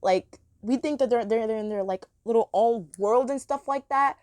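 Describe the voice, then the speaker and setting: A woman's voice: fairly high pitch, moderate pace, a little mellow, dry recording. A woman reviewing a cartoon episode in a chatty, rambling monologue, gushing about the characters.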